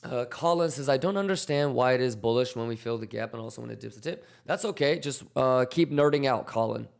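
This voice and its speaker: Gravelly-voiced man reading chat questions. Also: mid-range voice, brisk. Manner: reads viewer questions aloud and coaches them directly; casual slangy delivery with many fillers. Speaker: crypto trading livestream host. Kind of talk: livestream chat reading and market commentary.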